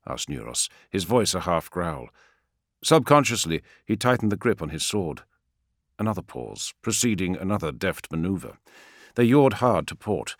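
Low deep guy reading an audiobook, dramatic, dry close sound. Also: big pitch swings, moderate pace, no echo. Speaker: audiobook narrator. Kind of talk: scripted fiction narration.

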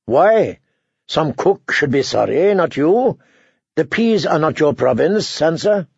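A man's voice: on the high side, big pitch swings, slow, vocal fry, darkish tone, husky, no room sound, dull audio, heavily acted. A man voicing a dry-witted, sardonic nobleman speaking wryly in a storybook reading. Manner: wry, sardonic.

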